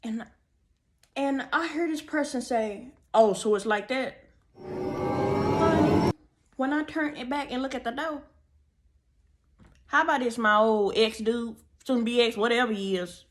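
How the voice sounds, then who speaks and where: A young woman telling a storytime tale to her viewers in a sassy, animated way, chatting through asides while she does her makeup. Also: on the high side, moderate pace, noisy background. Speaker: storytime vlogger. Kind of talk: casual storytime chat.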